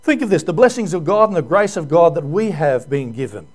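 A man's voice: a little high, expressive, a little fast. A male pastor giving an earnest, emotional sermon full of rhetorical questions.

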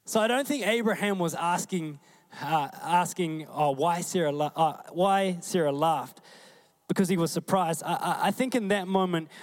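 A man with a New Zealand accent preaching a sermon, his voice sitting a little high for a man. He talks to the congregation in a conversational, animated way and acts out the voices he quotes.

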